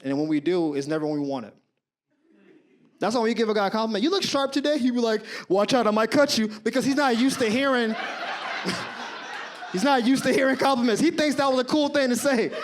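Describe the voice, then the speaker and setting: A man in his thirties works a comedy club stage with a handheld mic. His voice sits high for a man and stays animated and slangy. He often laughs through his own punchlines. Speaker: stand-up comedian. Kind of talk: stand-up comedy storytelling.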